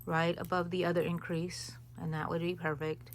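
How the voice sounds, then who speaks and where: A woman's voice: on the low side, flat delivery, moderate pace, a little hiss or hum. A woman hosting a crochet tutorial, talking viewers through each stitch in a casual, rambling way with chatty asides. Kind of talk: casual step-by-step tutorial chat.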